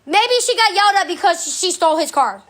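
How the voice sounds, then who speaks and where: A woman's voice: extremely high pitch, animated, a little fast, a bit bright. A woman livestreaming a defensive, profane rant at her commenters, firing rhetorical questions and barking commands at her dog.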